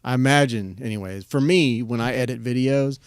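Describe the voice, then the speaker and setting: A male podcast host talks in a loose, rambling way, full of fillers and restarts, often laughing. His voice sits at an ordinary middle pitch and sounds close and dry. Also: a little fast, clean tone, dry recording. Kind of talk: casual interview chat.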